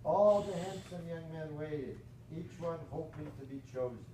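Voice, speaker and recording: A male professor reading a storybook aloud to a class with animated, playful asides. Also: fairly high pitch, normal speed. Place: lecture hall. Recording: echoey lecture hall from far off, noisy.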